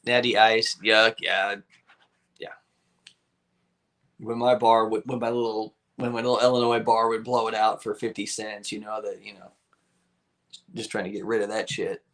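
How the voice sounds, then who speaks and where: A man's voice: on the low side, level tone, normal speed, pauses often, fairly bright tone. A man hosting a live stream, chatting casually with viewers, rambling, laughing often and swearing freely.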